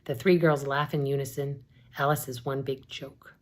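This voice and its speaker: A woman, an English professor, reading a novel aloud in a steady, measured narration. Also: a bass voice.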